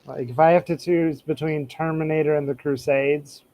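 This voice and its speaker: A man co-hosting a casual podcast, telling slow deadpan jokes. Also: fairly high pitch, poor audio. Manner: deadpan, slow jokes; does a loud mock-Russian storytelling voice. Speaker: podcast co-host. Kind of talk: casual chat.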